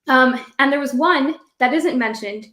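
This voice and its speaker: A woman's voice: sits high, a little slow, a bit bright. A woman hosting a conversational podcast, explaining ideas and leading into questions for her guest. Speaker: host. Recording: roomy echo.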